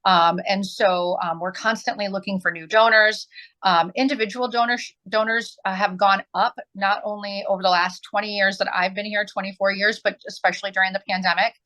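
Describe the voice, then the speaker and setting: A woman's voice: mid-range voice, fairly even intonation, brisk, sharp tone, poor audio. A woman in her forties from southern Illinois, answering interview questions earnestly as an arts nonprofit director, with many ums.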